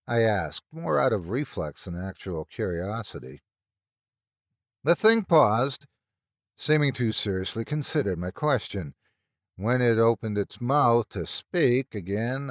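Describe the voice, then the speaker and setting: A man's voice: mid-range voice, no room sound, studio quality. A man narrating a scripted horror story in a tense, dramatic storytelling manner.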